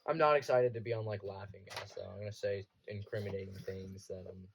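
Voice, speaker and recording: A man's voice: lowish voice, steady tone, fairly quick, creaky, a little hiss or hum. A young man chatting casually as a guest, laid-back and giggly. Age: young adult. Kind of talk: casual chat among friends.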